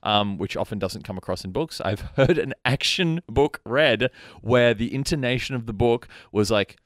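A man hosting a casual podcast chat, rambling and animated, his voice sometimes trailing off into mutters. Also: medium pitch, normal speed, hardly any pauses, no room sound, clean studio sound. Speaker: podcast host. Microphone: studio mic.

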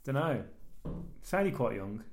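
A man's voice: mid-range voice, big pitch swings, takes it slowly. Male podcast host, casual and teasing, in an echoey room. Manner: jokey and teasing. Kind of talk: casual chat.

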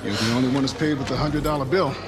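A man's voice: medium pitch, fast talker, a loud crowd, lightly acted. A man playing a stern bar bouncer. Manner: stern, accusing. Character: stern male bar security guard. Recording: TV clip with music behind.

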